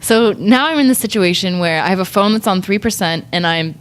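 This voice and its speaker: A woman's voice: medium pitch, a little fast. Young woman telling a rambling story. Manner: rambling storyteller, heavy "like", frequent laughs. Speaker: guest artist. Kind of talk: casual podcast chat.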